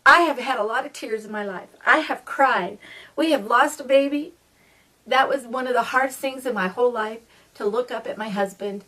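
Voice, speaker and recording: A woman's voice: fairly high pitch, normal speed, sharp tone. A middle-aged woman telling personal stories to viewers in a chatty, earnest way, often calling them folks. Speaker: vlogger. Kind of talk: personal storytelling monologue. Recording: voice a bit distant from the mic.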